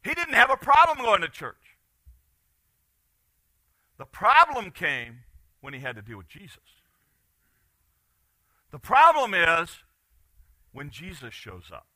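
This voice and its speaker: A man preaching a sermon as pastor, animated, swinging from loud bursts to quiet asides. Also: high voice, takes it slowly, long pauses, no echo.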